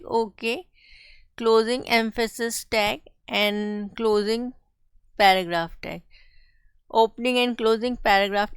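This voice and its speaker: A woman teaching a coding tutorial, explaining each step slowly and carefully. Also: a little high, fairly bright tone, smooth, no echo. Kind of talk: screen-share coding tutorial.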